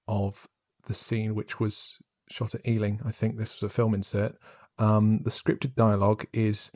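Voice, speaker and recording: A man's voice: lowish voice, warm tone, no echo, studio quality. A man co-hosting a podcast, talking things over in a thoughtful, detailed way. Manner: thoughtful, detailed, reads quotes from scripts. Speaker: podcast co-host. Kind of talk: casual discussion.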